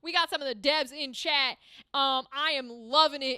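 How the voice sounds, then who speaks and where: A young woman from the Boston area streams a story game, talking fast and excitably with sarcasm and swearing. Her voice sits high and bright. The sound is dry and close to the mic. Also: no room sound. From New England, Boston area. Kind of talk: casual live-stream commentary.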